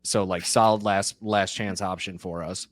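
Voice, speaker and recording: A man plays a tabletop game and eagerly plans aloud. His voice sits fairly low. The sound is dry and close. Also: fairly even intonation, moderate pace, no room sound. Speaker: player. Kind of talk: casual tabletop play.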